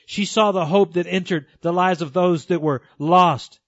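A man with a high voice preaches an earnest sermon and speaks directly to his listeners. The recording is dry and close, with a slightly muffled, dull tone. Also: moderate pace, fairly bright tone, dry recording. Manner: earnest, addresses listeners as folks and friends.

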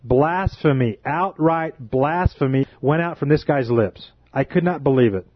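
An impassioned preacher man with a fairly high voice, stretching words out for weight as he warns his listeners. The sound is dry and a little muffled, like a close but lo-fi home recording. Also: dry recording. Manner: impassioned, indignant, drawn-out emphatic phrases. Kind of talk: fervent preaching monologue.

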